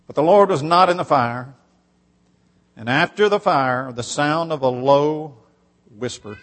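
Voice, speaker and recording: A man preaches emphatically, reading scripture and building his voice on repeated phrases. His pitch is on the high side and his pace normal, with a long hall reverb in the recording.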